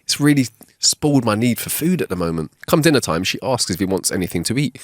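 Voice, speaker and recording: A man's voice: medium pitch, fast talker, no room sound, clean studio sound. A man co-hosting a casual podcast, reading jokes aloud and voicing the characters in them. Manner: reads jokes with voiced characters, animated. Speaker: podcast co-host. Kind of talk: casual joke-telling chat. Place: home studio. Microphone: wireless clip-on mic.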